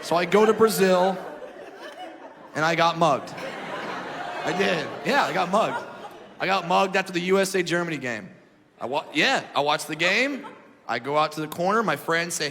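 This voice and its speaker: A man performing a stand-up comedy set on a club stage, loud and animated, shouting his punchlines. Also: a little high, moderate pace, pauses often, slight background noise. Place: comedy club stage before a live audience. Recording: reverberant club with crowd laughter.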